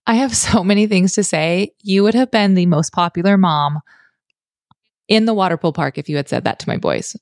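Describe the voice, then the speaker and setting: Low-voiced woman co-hosting a podcast. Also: normal speed, darkish tone, no room sound, studio quality. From Nebraska. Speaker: podcast co-host. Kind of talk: casual podcast chat.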